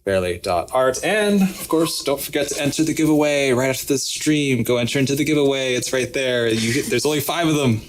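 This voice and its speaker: A man's voice: medium pitch, expressive, a little fast, few pauses. Upbeat man hosting a craft stream. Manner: upbeat, chatty, laughs often. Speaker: craft channel host. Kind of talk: live craft tutorial.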